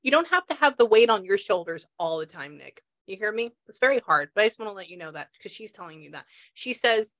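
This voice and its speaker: A woman's voice: medium pitch, very animated, quick pace, hardly any pauses, fairly bright tone. A woman working as a psychic medium in a casual session, chatty and laughing as she passes on messages.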